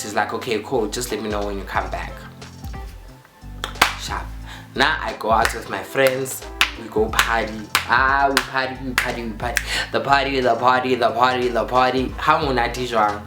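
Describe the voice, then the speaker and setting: A young South African man speaks in a mid-range voice at a normal pace while vlogging a storytime, acting out quotes and repeating phrases for dramatic effect. The recording has a roomy echo and faint music behind it.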